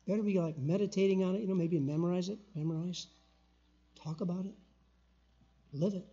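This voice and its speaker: An older man preaching a sermon as a guest pastor in a church, emphatic, with loud call-and-response bursts. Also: high voice, fairly even intonation, a little fast, slightly rough, lo-fi sound. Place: church sanctuary.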